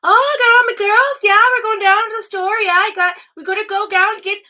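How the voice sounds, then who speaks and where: Lady doing a loud newfoundland woman rounding up her girls, high bright voice, bossy. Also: steady tone, fairly quick, heavily acted. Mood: rowdy. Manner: loud, rowdy, bossy chatter. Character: brash middle-aged Newfoundland woman.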